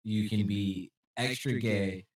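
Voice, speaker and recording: A man's voice: on the low side, steady tone, slow pace, recorded from a distance. A man co-hosting a casual podcast chat who acts out what people say as he tells stories. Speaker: podcast co-host. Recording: echoey room, off the mic.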